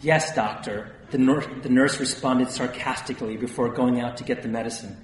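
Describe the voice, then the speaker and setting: A man's voice: medium pitch, fairly even intonation, fairly quick. Man, memoir audiobook narrator, wry, roomy echo, faint background hum. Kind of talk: first-person memoir reading. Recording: distant, echoey room with long reverb.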